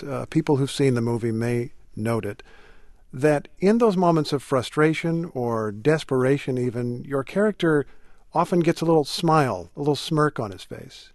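A man hosting an interview at a middle pitch, measured and articulate in his questions. His voice sounds dry and close. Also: dry recording. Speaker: interview host. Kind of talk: radio interview.

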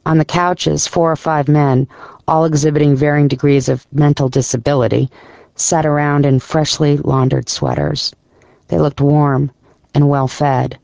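A man reading a story aloud in a measured, even storytelling voice with a gravelly edge. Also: fairly high pitch, no room sound. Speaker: narrator. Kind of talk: scripted audiobook narration.

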